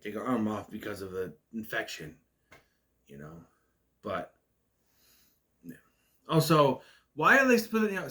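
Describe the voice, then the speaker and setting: A man's voice: fairly high pitch, sharp tone. A man giving a casual spoken film review in a ranting, nitpicky way, with a stutter that makes him stall on words. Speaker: movie reviewer.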